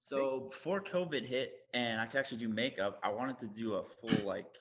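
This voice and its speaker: A man's voice: mid-range voice, a little fast, background noise. A man being interviewed as a guest, laid-back and modest, often trailing off. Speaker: guest cosplayer. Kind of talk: casual interview chat.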